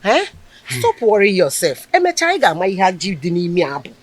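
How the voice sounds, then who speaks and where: A woman's voice: mid-range voice, huge pitch swings, brisk. An actress with a Nigerian accent playing a confident mother soothing her worried husband. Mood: reassuring. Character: reassuring traditional mother, confident.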